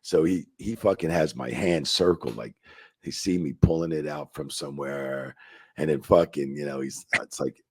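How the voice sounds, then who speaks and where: A man who is a former wrestling referee, telling profane, animated backstage stories in a casual interview and acting out the quotes. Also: very deep voice, moderate pace, breathy edge, dry recording. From New Jersey.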